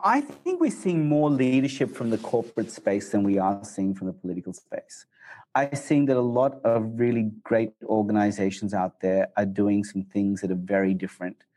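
A man in his forties, raised in Australia, talking as a guest in an interview in an excitable, animated way. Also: on the low side. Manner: excitable, quick, animated storyteller. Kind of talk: casual interview talk.

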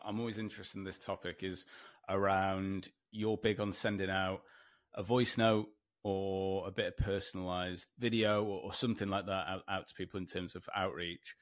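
Male host, low-ish voice, casual interviewer with dry teasing humor. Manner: joking, teasing banter. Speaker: podcast host.

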